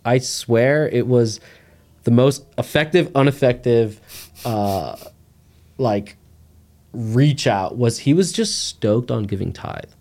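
Speaking at a slow pace in a mid-range voice, this male guest tells a personal testimony in a laid-back interview. His delivery wanders and is packed with "like" fillers.

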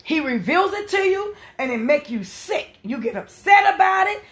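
A woman preaching a sermon, swinging from soft, quiet lines to impassioned shouting. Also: extremely high pitch, sing-song, normal speed.

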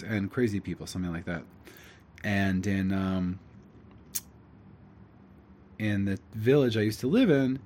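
Rambling low-voiced man giving a spiritual talk. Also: darkish tone. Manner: rambling, reflective, many fillers. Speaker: host telling a spiritual story.

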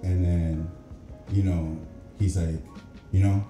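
A man's voice: deep voice, level tone, takes it slowly, warm tone. A man telling a casual story, laughing often and acting out the lines of the people in it. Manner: laughs through stories, acts out cops' lines. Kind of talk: casual chat. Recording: echoey room with music behind.

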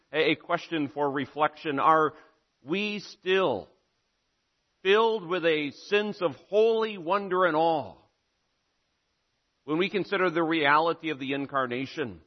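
A man preaching a sermon, measured and solemn, building to emphatic repeated phrases. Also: fairly high pitch. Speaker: pastor. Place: church sanctuary. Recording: muffled sound with long hall reverb.

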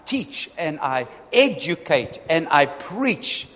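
A male pastor preaching a lively sermon, often calling out to his congregation for responses. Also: a little high, slow. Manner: animated, asks the congregation for responses. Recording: long reverb in a hall.

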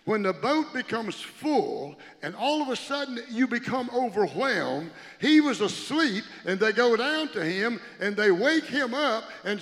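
A man with a fairly high voice preaches a sermon in a church, and the sound carries a long hall reverb. He swings between loud preaching and a hushed near-whisper. He keeps turning to the congregation and calling on them to respond. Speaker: pastor.

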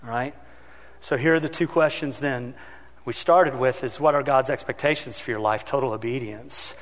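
A pastor delivers a sermon in a medium-pitched voice at a moderate pace, his words ringing through a big room. He tells stories with lively energy, acting out the voices in them, including his own shouting.

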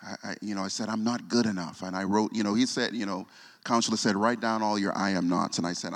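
A man, preaching a sermon and telling a personal story, often repeating himself and dropping soft when moved. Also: fairly low pitch, steady tone, fast talker. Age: 40s. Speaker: pastor. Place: church sanctuary. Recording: long hall reverb.

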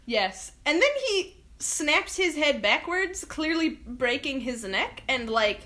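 A woman's voice: high voice, animated, sharp tone. A woman co-hosting a casual podcast, wryly recapping a film and quoting its characters. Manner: wry, quotes characters in quick voices. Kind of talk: casual chat.

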